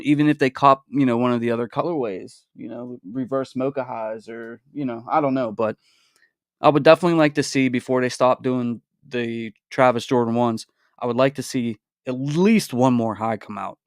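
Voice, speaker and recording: A man hosting a casual livestream, talking in a relaxed, rambling way with fillers and restarts. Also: medium pitch, moderate pace, clean tone, no echo, clean studio sound. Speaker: livestream host.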